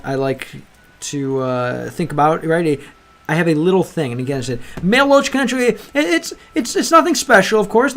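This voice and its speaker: A man's voice: sits high, fairly bright tone. A young man hosting a language-learning livestream, chatting casually with viewers and rambling with lots of restarts. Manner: rambling, restarts often, calls viewers bro. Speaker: livestream host. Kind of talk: casual chat with live chat.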